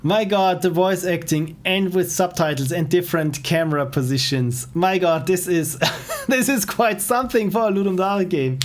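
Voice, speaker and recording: A man's voice: high voice, moderate pace, soft background music. A man casually commenting while playing indie games on a stream, enthusiastic and self-deprecating. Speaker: game streamer.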